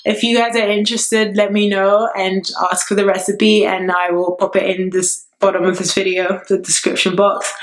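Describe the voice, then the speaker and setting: A woman from Nigeria vlogging casually at home, chatty and excitable, a little out of breath. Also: mid-range voice, normal speed. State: a bit out of breath. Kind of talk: casual vlog to camera. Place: her apartment. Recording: roomy echo with faint music.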